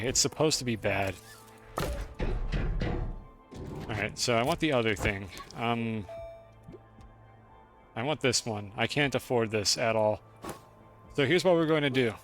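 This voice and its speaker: A man's voice: medium pitch, moderate pace, long pauses, fairly bright tone, soft background music. Chatty, profane male game streamer. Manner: chatty, profane, talks to chat. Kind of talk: casual game-stream commentary.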